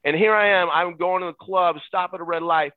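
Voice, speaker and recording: A middle-aged man, a podcast guest, telling lively stories in a casual chat, excitable and quick to laugh. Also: high-pitched, dry recording. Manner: excitable, jumps into shouted impressions and laughs. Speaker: guest, former ballboy. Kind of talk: animated storytelling in casual chat. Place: at home in Utah. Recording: tinny phone-line sound, dry.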